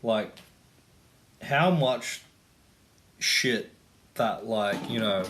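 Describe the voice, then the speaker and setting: A man's voice: lowish voice, very slow, a bit bright, a little hiss or hum. A young Australian man ranting casually to camera, rambling and swearing with lots of fillers. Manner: rambling, profane, full of fillers. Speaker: vlogger.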